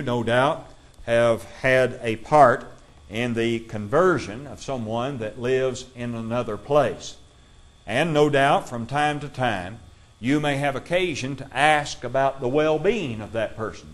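Man teaching a measured Bible class. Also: mid-range voice. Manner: measured, reads scripture aloud slowly; asks the class questions.

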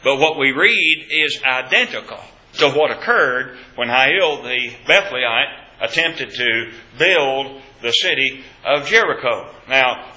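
Bright-voiced man teaching a Bible class. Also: medium pitch, expressive, measured pace, hardly any pauses. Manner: asks the class questions, emphatic on key points. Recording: echoey, dull room recording.

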